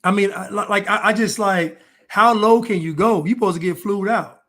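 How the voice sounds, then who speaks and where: A man's voice: sits high, steady tone, moderate pace, a bit bright. A man giving preachy reaction commentary, lecturing about men and women.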